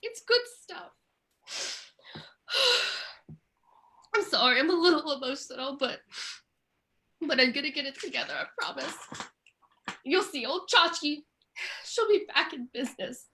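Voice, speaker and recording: A woman's voice: high-pitched, expressive, measured pace, pauses often, sharp tone, exaggerated voice. A woman playing a struggling tchotchke seller in a comedy bit, rambling and tearful.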